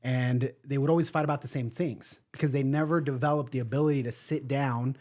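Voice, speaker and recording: A man with a medium-pitched, darkish voice speaks briskly and steadily as a guest on a casual podcast interview. An event organizer, he talks emphatically and repeats key words for weight.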